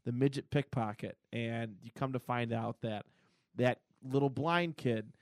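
A man's voice: mid-range voice, a little slow, no echo, studio quality. Casual male comic podcast host. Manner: retells comic scenes with laughs and filler. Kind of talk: casual chat.

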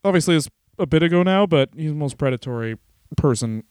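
A man's voice: on the high side, animated, fast talker, darkish tone, clean tone, no room sound, studio quality. A man co-hosting a comedy podcast in casual chat, rambling with restarts and laughing often. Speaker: podcast co-host.

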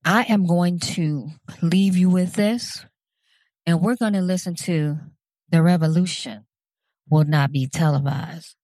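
A woman's voice: on the low side, measured pace, warm tone, no echo. A woman giving an impassioned personal address, speaking earnestly and emphatically and repeating phrases for stress.

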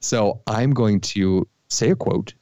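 Playful low-voiced quiz-game guy. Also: slow, warm tone, no room sound, muffled recording. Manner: playful, teasing, slips into silly voices. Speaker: podcast co-host running a quiz game. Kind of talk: casual chat, quiz hosting. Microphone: remote call.

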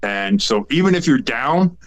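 Casting: male sports podcast co-host, mid-pitch, rambling and jokey. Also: sing-song, a little slow. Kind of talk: casual sports chat.

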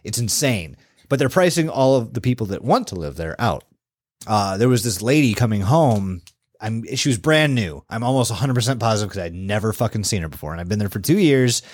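Male podcast co-host, lively pitch, swears a lot, dry close sound. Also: brisk, no echo. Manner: profane, animated storytelling. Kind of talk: casual podcast chat.

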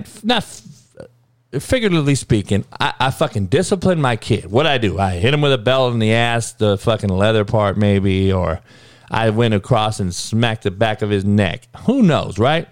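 A man with a fairly low, animated voice hosts a sports podcast at normal speed, ranting heatedly, rambling, and swearing while often calling listeners "dog." The recording is studio quality with no room sound.

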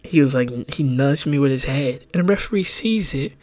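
A young man co-hosting a podcast, telling stories in a casual, animated way, swearing freely and laughing as he goes. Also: mid-range voice, normal speed. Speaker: podcast co-host. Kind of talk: casual storytelling.

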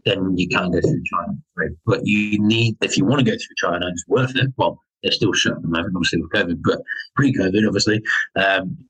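A man's voice: sits low, fairly quick, a bit bright, a little hiss or hum, low-quality recording. A man in a casual podcast chat, talking about his travels in an enthusiastic, rambling way with many fillers. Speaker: podcast guest, overland traveller.

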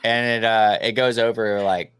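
A man's voice: fairly low pitch, fairly even intonation, moderate pace, a bit bright, clear, resonant tone, no echo. A man from Louisiana with a faint Southern country accent, co-hosting a podcast in rambling casual chat full of fillers. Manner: rambling, filler-heavy, laughs at own stories. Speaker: podcast co-host.

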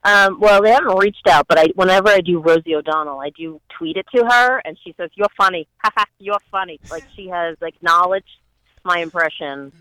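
A woman chatting on a podcast as a guest impressionist, animated and giggly. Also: fairly low pitch, smooth, no echo, low-quality recording. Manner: animated, giggly, quick restarts. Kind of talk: casual podcast chat.

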